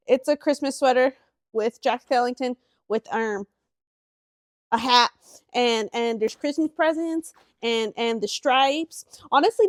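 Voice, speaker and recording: A woman's voice: on the high side, no echo, studio quality. A young woman co-hosting a casual podcast with her brother, chatting in a giggly, casual way. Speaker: podcast co-host. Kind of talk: casual chat.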